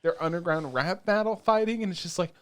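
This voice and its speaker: A man co-hosting a podcast in casual chat, retelling anime scenes with quick quoted voices. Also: high voice, a crowd in the background. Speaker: podcast co-host.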